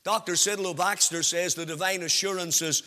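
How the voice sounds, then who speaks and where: High, bright-voiced man preaching slowly. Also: fairly even intonation, long reverb tail. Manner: measured, emphatic preaching with sing-song rises and drawn-out phrases. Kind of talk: sermon.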